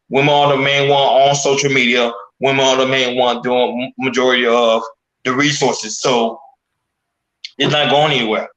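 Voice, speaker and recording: A man co-hosting a casual talk show, giving his opinions in an earnest, measured way. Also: mid-range voice, a bit bright. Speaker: co-host. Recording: echoey room.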